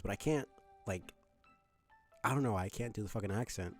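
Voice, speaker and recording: A man's voice: lowish voice, fairly quick, soft background music. A man streaming a game, commenting casually and self-deprecatingly with some swearing. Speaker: let's play streamer.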